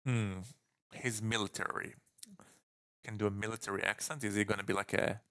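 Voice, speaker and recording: A man's voice: on the low side, fairly even intonation, moderate pace, pauses often, bright, forceful tone, no room sound, studio quality. A man chatting through a live game stream, with exasperated self-talk.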